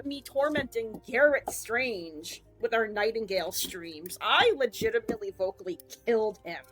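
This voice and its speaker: Woman streamer, casual chat, playful and profane, lively pitch. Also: moderate pace, few pauses, faint music behind. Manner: playful, profane, laughs often.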